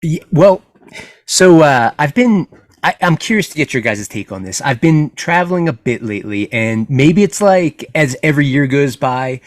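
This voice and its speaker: A man on a podcast panel telling stories in a halting, bemused way. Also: on the high side, big pitch swings, no echo, clean studio sound. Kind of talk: roundtable chat.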